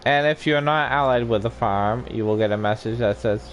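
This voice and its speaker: A man's voice: medium pitch, normal speed. A young man streaming a game and bantering playfully with a friend, teasing and laughing often. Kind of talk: casual banter while gaming.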